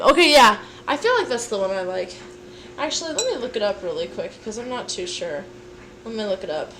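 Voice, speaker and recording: In her home kitchen, a tired young woman livestreams while cooking, chatting to viewers in a rambling, playful way with sing-song asides. Her mid-range voice comes with background noise and clear kitchen clatter behind it.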